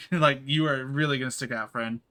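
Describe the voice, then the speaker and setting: A man's voice: mid-range voice, steady tone, moderate pace, bright, forceful tone. An American man with a slight rural twang, streaming a game and chatting casually in a rambling way. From United States. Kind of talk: casual gaming commentary.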